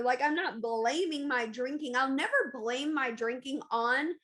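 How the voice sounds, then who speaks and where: A woman's voice: sits high, measured pace, a bit bright. A woman hosting a podcast, talking candidly and emphatically in a casual confessional monologue, often repeating phrases for stress. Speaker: podcast host.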